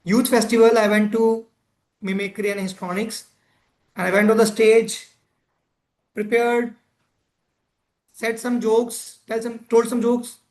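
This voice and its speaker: A man's voice: extremely high pitch, little pitch movement, a little slow, long pauses, a little mellow. A man leading an interactive workshop session, chatting and putting questions to his audience. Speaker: presenter of a club education session.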